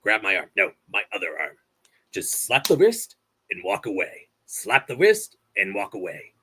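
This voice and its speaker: A man impersonating a boastful, washed-up middle-aged man from a comedy film, in a swaggering, lower voice. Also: huge pitch swings, moderate pace, pushed and bright, a little hiss or hum, exaggerated voice. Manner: swaggering, bragging salesman pitch.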